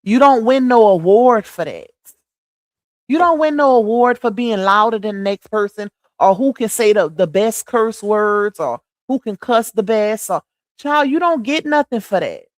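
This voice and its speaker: A woman's voice: fairly high pitch, expressive, normal speed, no echo, studio quality. A woman hosting a casual livestream, chatty and preachy, talking straight to her viewers as "y'all.". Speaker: livestream host.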